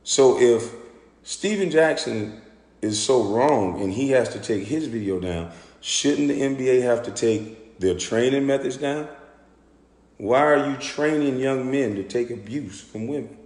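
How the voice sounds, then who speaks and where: A former pro basketball player telling a story in an animated, profane, indignant rant. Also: male voice, medium pitch, unhurried. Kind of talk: ranting storytelling monologue. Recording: echoey room with long reverb.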